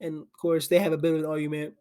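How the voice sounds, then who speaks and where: Chatty young man, higher-pitched. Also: level tone, rapid-fire, dark tone. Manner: loose and chatty, full of "like" and restarts. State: sleepy and yawning. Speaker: anime channel host. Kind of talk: casual rambling retelling. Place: home desk with a camera.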